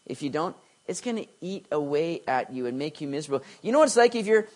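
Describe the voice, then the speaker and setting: A middle-aged man preaching a sermon, telling stories with swings from quiet asides to excited bursts. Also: a little high, quick pace. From Canada. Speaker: pastor.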